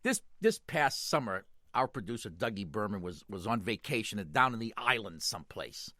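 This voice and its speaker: A man's voice: lowish voice, sing-song, moderate pace, sharp tone, dry recording, clean studio sound. An older man with a Boston accent, co-hosting a call-in radio show, telling jokes and laughing as he talks. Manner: jokey storyteller, laughs often, repeats words.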